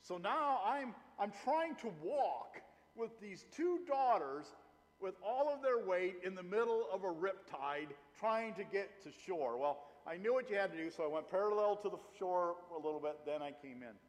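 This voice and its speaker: A middle-aged male pastor preaching with a lively, swinging delivery that rises and falls. His voice sits a little high for a man. It rings with a long reverb, as in a church hall. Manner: animated preaching, rising and falling, slow emphatic phrases. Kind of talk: sermon.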